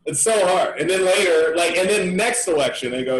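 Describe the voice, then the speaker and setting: Young male comic co-host, high-ish, laughy, profane banter; roomy mic, faint hiss. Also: a little fast. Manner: laughs often, animated impressions, swears casually. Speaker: podcast co-host. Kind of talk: casual comedy chat.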